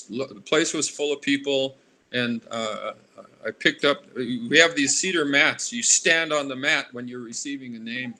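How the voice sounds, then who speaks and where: A man's voice: medium pitch, sharp tone. Rambling man in his sixties. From Alaska. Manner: rambling, drifts into tangents. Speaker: artist interviewee. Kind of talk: casual interview.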